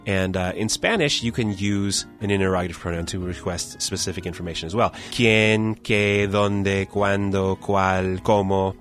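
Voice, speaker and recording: A low-pitched man teaching on a podcast, explaining question formation step by step and ribbing his co-host. Soft music plays faintly under his voice. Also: fairly even intonation, normal speed, hardly any pauses. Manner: explanatory, playful teasing. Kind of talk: scripted language lesson banter.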